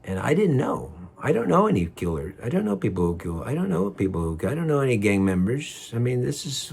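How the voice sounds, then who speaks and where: A man's voice: medium pitch, sing-song, fairly quick, vocal fry, hardly any pauses, darkish tone, breathy edge. A man telling a personal story in a heated, rambling way, repeating himself and swearing.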